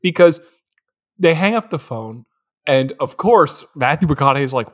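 A man's voice: a little high, expressive, normal speed, fairly bright tone. A man co-hosting a podcast, gushing about a movie in casual chat and laughing often between words. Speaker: podcast co-host.

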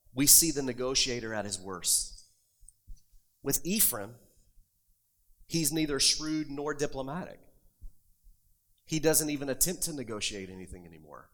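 A man preaching a sermon, reading scripture aloud and pressing his points with rising emphasis. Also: medium pitch. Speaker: pastor.

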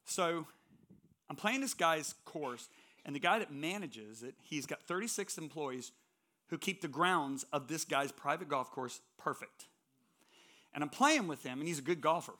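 A guest speaker preaches in a church, delivering a sermon full of personal stories told with strong emphasis. His voice is a little high, animated and somewhat slow, with a pushed, bright quality.

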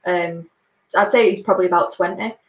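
A woman's voice: on the low side, steady tone, brisk, reverberant, low-quality recording. A woman chatting casually, rambling and stacking up fillers as she tells a story. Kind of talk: casual chat.

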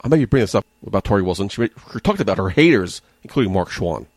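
A man's voice: lowish voice, lively intonation, racing, no echo. A man co-hosting a podcast in casual chat, joking and reading quotes aloud. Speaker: podcast co-host.

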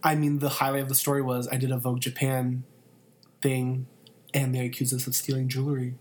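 A man's voice: mid-range voice, completely flat delivery, brisk, a little mellow. A young man, a college student, chatting casually and telling rambling stories with lots of fillers and crude jokes. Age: young adult. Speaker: college student and photography intern. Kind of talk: casual podcast chat.

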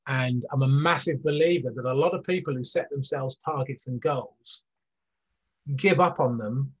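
A man's voice: mid-range voice, normal speed, breathy edge. A middle-aged man, a former athlete, telling his story candidly and earnestly as an interview guest, with many fillers and restarts. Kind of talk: reflective storytelling in conversation. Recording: dull lo-fi recording.

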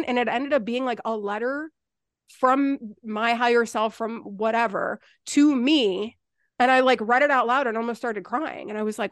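A woman's voice: a little high, dry recording, clean studio sound. A woman co-hosting a podcast, telling candid personal stories in casual conversation and swearing freely. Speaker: podcast co-host.

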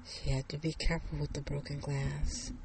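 Gravelly, hushed storyteller. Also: medium pitch, little pitch movement, background noise. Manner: slow, suspenseful narration with hushed whispers. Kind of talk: told story.

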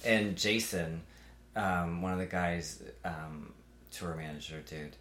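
Deep-voiced man telling crude stories. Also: slow. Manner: animated, crude, acts out quotes. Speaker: podcast guest, musician. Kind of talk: casual storytelling. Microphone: podcast microphone. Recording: echoey room with faint background noise.

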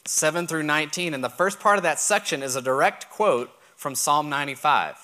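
A man's voice: a little high, brisk, sharp tone. A man from Texas with a Texan accent, preaching and teaching, who repeats key points and checks that listeners follow. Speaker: pastor. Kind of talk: sermon teaching.

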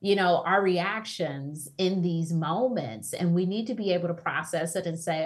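A woman author as interview guest, giving calm, reflective advice. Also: on the low side, moderate pace, few pauses. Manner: calm, reflective, gently advising.

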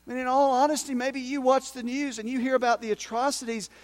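A pastor delivers a sermon in a fairly high male voice. He preaches with passion and drops into little acted-out prayers and asides to his congregation. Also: flat delivery, quick pace.

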